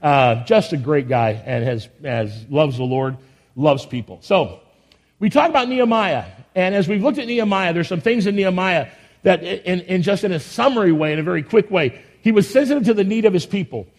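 A man with a high voice leads his congregation from the pulpit. He talks in a folksy, rambling way, full of enthusiasm and frequent restarts. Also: expressive, moderate pace. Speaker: pastor. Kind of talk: church announcements and sermon. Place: church sanctuary.

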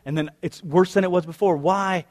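Wry, talky pastor with a higher voice. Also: male voice, a little fast, a little mellow. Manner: conversational and wry, full of rhetorical questions. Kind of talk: sermon.

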